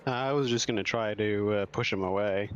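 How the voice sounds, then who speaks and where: A man playing a tabletop game, speaking hesitantly with frequent pauses. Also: on the low side, lo-fi sound, soft background music. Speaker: player. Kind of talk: casual tabletop game play.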